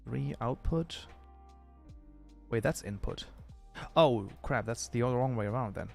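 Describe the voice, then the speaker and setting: A man's voice: medium pitch, measured pace, gravelly, a little mellow, faint music behind. Chatty male streamer rambling to chat. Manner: rambling, chatty, thinks aloud with fillers and restarts. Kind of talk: casual livestream chat while modding a game.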